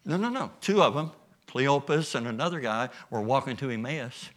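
A man preaching a sermon, telling the story with lively energy and bits of acted dialogue. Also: mid-range voice, moderate pace. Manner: animated storytelling with acted voices. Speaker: pastor.

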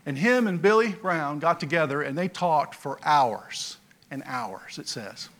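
Male pastor telling stories in a sermon, folksy, lots of uh's, loud then quiet, kinda high voice. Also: expressive, a little slow. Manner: folksy storytelling with many fillers; swings between loud emphasis and quiet asides.

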